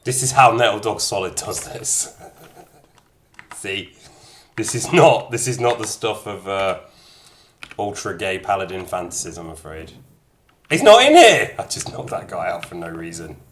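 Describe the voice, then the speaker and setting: A man's voice: low-pitched, fairly even intonation, measured pace, fairly bright tone. A man casually chatting to his live-stream viewers as he plays a game, reading out their comments with jokey asides. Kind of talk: casual live-stream chat while gaming.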